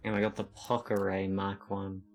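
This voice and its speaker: A man with a fairly low voice chats casually while he plays a strategy game, thinking aloud as he goes. He stumbles and restarts often as he decides his moves, with faint game music under him. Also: completely flat delivery, normal speed, rough recording. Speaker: streamer.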